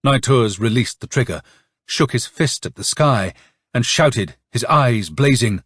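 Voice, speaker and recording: A man narrating a novel as an audiobook, reading in an expressive, dramatic way. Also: mid-range voice, unhurried, slightly rough, dry recording, studio quality. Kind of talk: scripted narration.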